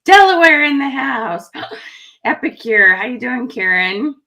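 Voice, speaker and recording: A woman's voice: on the high side, lively intonation, a little slow, pushed and bright. A woman hosting a live online stream, chatting in a friendly way as she greets viewers in the comments. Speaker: livestream host.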